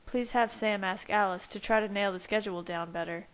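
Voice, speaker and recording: A woman's voice: mid-range voice, fairly quick, smooth, close to an everyday voice. A woman voicing a brooding young male vampire who speaks in a restrained, earnest way.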